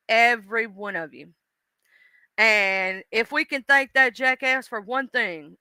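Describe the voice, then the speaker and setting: Southern lady on a livestream, super bright crisp voice, cussin and blunt, dry sound. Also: mid-range voice, no room sound. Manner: blunt and profane, affectionate toward viewers. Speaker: livestream host. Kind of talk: casual livestream chat.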